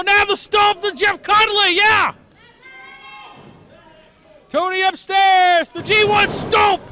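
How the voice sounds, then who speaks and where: High, bright shouting wrestling announcer man. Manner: frequent shouting and exclamations. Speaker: play-by-play wrestling commentator. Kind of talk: excited live play-by-play commentary.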